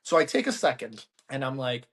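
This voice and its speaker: Animated young man telling a story. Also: mid-range voice, brisk. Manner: animated, laughing, acts out quotes. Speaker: podcast co-host. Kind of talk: casual storytelling chat.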